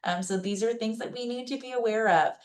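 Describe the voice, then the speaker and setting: A woman's voice: on the high side, fairly quick. A woman giving an informal educational presentation in a conversational way. She gives practical advice in plain, reassuring words and keeps checking in with her listeners. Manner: conversational, checks in with listeners by asking "okay?" and "right?". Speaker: presenter at a senior-services webinar.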